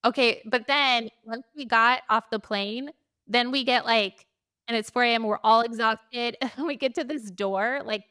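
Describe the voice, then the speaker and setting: A middle-aged woman telling a chaotic travel story in a casual chat, animated and laughing often, acting out quotes in a higher voice. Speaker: podcast host.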